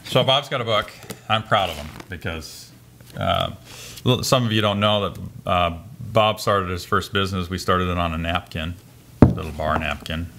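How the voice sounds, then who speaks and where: A man's voice: low-pitched, moderate pace, pushed and bright, slight background noise. A man co-hosting a podcast, chatting casually and prompting his co-host with questions. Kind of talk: casual chat.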